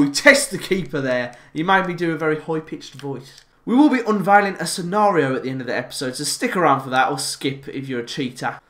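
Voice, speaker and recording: Young Birmingham-accented gaming host, bright raised pitch, casual commentary. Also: male voice. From England. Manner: chatty, excitable, shouts at goals. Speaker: gaming YouTuber. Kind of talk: gameplay commentary. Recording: roomy with game music behind.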